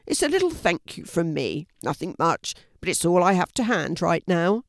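A kindly old man from a children's story, voiced by a woman reading aloud. He speaks low and gently, full of gratitude. The recording is dry and close. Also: sing-song, normal speed, no room sound. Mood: grateful. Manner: gentle, grateful. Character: kindly, unwell older man at his window.

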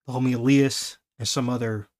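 A man hosting a podcast, telling a story in a casual, animated way. He laughs often and acts out the voices of the people he quotes. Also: mid-range voice, brisk. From Los Angeles. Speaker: podcast host.

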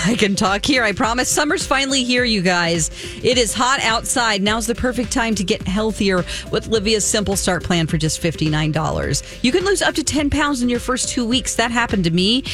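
A woman's voice: mid-range voice, a bit bright. A woman co-hosting a morning radio show, telling gossip in a giggly, chatty way. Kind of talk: casual morning radio chat.

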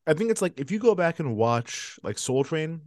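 A podcast co-host chats about a movie in a laid-back, swearing, joking way. The voice sits at a middle pitch and sounds dry and close to the mic, with no room around it. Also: sing-song, moderate pace, a little mellow, dry recording. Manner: laid-back, profane banter. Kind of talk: casual chat, recapping a film.

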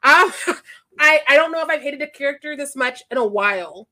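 A woman's voice: high-pitched, normal speed. A woman in her thirties co-hosting a movie podcast, chatting casually, laughing often, swearing and acting out what characters said. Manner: animated, laughing, swears, acts out lines. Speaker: podcast co-host. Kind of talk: casual movie review chat.

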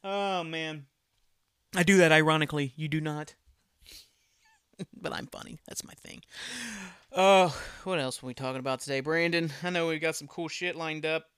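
A man's voice: a little high, fairly even intonation, normal speed, pauses often, fairly bright tone, smooth, no room sound, clean studio sound. A man hosting a casual solo podcast, ranting bluntly with lots of swearing and laughing at his own jokes. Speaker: podcast host.

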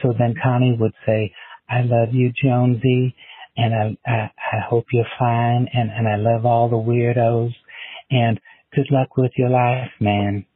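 A man's voice: medium pitch, level tone, unhurried, breathy edge, dry recording. A man leaving a long, rambling, repetitive voicemail for a radio-style show. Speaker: voicemail caller. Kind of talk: rambling phone message. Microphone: phone. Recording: tinny phone line.

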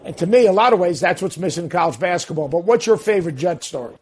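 A man's voice: high-pitched, animated, fast, a little mellow, slightly rough. A man co-hosting a casual basketball talk show, telling stories in an emphatic way. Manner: emphatic, storytelling. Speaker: basketball analyst and co-host.

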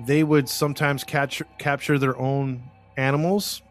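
An American man at an everyday mid pitch, hosting a podcast and spinning a true-crime story. He talks loosely, full of "you know" and restarts, laughing easily between points. Faint music sits under his voice. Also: flat delivery, measured pace. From United States. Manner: loose, conversational, many fillers, laughs easily. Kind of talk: casual storytelling chat.

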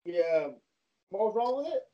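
Chatting casually with friends, a man with a high, expressive voice halts, restarts and swears as he stumbles over his words. The audio is dull and lo-fi.

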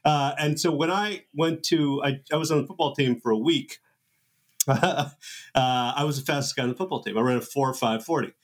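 A man's voice: medium pitch, moderate pace. A man hosting a podcast, chatting casually and rambling through a story with laughs. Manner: laughing, rambling, self-mocking. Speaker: podcast host. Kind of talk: casual chat.

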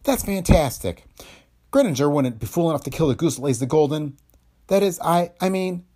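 A man voicing a nervous young actress, breathy and stammering, in an audiobook of a detective story. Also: fairly high pitch, animated, moderate pace, mellow, pitched above the performer's own voice. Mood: flustered. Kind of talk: audiobook character voice.

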